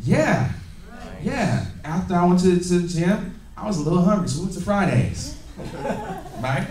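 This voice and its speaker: Energetic man training a crowd. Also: high voice, normal speed, far from the mic. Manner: energetic, laughing, call-and-response with audience. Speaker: business trainer. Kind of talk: motivational training talk. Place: meeting room with audience. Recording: echoey room, recorded from afar.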